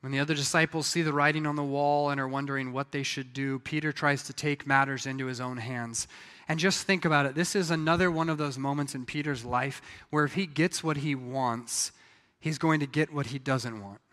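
A man preaching a sermon, telling the story in a lively way and acting out the voices of the people in it. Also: medium pitch, brisk, in a large hall. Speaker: pastor.

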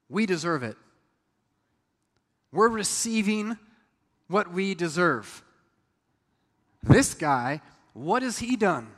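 Man, pastor, sermon, high voice, long hall reverb, conversational preaching. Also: very animated, slow pace, long pauses, a bit bright. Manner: conversational preaching with acted asides.

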